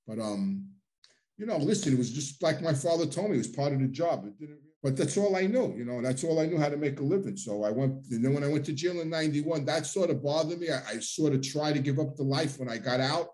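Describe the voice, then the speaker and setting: A man's voice: a little high, animated, quick pace, darkish tone. A middle-aged man telling his own life story in a loose, rambling way, full of restarts and plain street talk. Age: middle-aged or older. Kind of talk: casual storytelling monologue.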